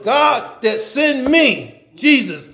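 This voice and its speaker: A man's voice: very high voice, sing-song, very slow, vocal fry, sharp tone. A man preaching a sermon, fervent and calling out to the congregation, stretching out scripture readings and breaking into chuckling asides.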